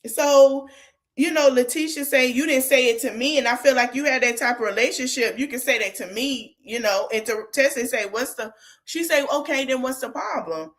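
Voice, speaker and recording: Woman host, casual reality-show recap, animated delivery, slightly high voice. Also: moderate pace. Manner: animated, retells quotes, talks back to the people on screen.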